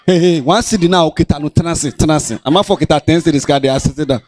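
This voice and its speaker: Racing along in a slightly high voice, a Ghanaian-accented pastor preaches in church, animatedly scolding his congregation while teasing them playfully.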